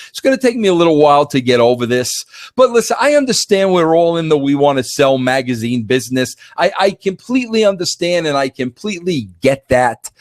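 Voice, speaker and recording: Podcast host, male, fifties. Animated, emphatic delivery with frequent stammering restarts. Dry sound. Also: medium pitch, no room sound. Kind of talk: casual monologue.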